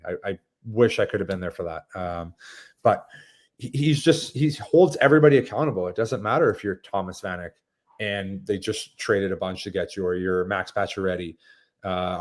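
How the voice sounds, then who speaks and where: A man, a former hockey player, telling stories in a casual interview with animated energy and quick restarts. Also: on the low side. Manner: animated storytelling with frequent restarts and laughter.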